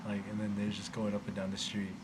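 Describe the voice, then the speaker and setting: A man's voice: fairly low pitch, quick pace. A young man from Arizona, hosting a podcast and telling a story casually, acting out the voices of the people in it. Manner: animated storyteller, acts out quoted voices. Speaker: podcast host. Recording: faint background noise.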